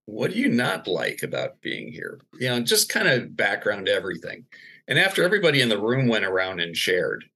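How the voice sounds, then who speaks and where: A man as a podcast guest, telling a personal faith story in an earnest, animated way. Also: on the low side, husky. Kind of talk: personal testimony in conversation.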